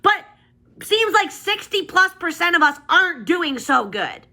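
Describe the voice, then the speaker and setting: A woman delivering a profane, exasperated rant to camera, firing off complaints in rapid bursts. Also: very high-pitched, very animated, bright, forceful tone. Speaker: ranting video creator.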